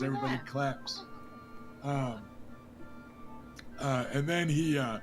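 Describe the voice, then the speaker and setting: A man narrating as game master, unhurried, with many fillers and hedges. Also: medium pitch.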